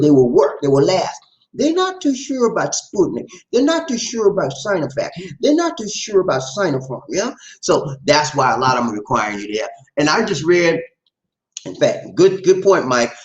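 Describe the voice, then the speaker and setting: A man's voice: on the high side, lo-fi sound. A man hosting a live stream, reading viewer comments and commenting on the news in a rambling, emphatic way, repeating his phrases and calling listeners "man". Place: lives in the Philippines. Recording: echoey room.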